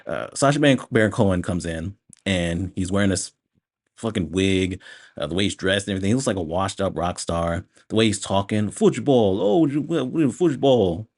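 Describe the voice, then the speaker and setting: A man's voice: low-pitched, fairly quick. A man giving a casual spoken movie review, ranting animatedly with frequent swearing and laughter.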